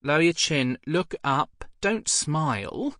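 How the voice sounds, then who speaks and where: A man voicing a chatty, dramatic young male ex-model turned booker with a softened South London accent. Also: fairly high pitch, sing-song, slow pace, no room sound, studio quality, pitched above the performer's own voice, exaggerated voice. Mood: instructing.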